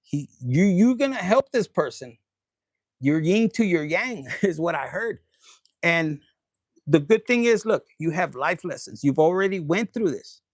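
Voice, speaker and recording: A man's voice: a little high, expressive, a little slow, dry recording, studio quality. A man giving a casual tarot reading, blunt and crude, laughing and acting out the lines of the people he describes. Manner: blunt, crude, playful, acts out quoted lines. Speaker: tarot reader.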